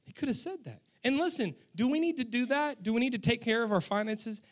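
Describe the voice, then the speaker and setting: A man preaching a sermon as the pastor, calling out to his congregation, with sudden drops into a soft, hushed delivery. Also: extremely high pitch, lively intonation, fairly quick. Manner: emphatic preacher, calls on the congregation.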